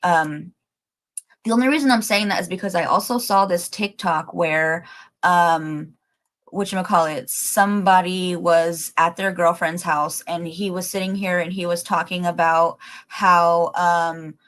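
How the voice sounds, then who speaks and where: A woman hosting a casual livestream, rambling excitedly with lots of fillers and the odd swear as she thinks aloud to her viewers. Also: on the low side, unhurried. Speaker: livestream host.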